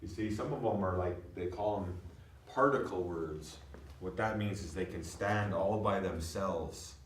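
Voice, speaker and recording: A man's voice: low voice, unhurried. A man teaching a language class, explaining words step by step and checking that his students follow. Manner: explanatory, repeats checks like "you know what I mean?". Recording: echoey classroom from far off.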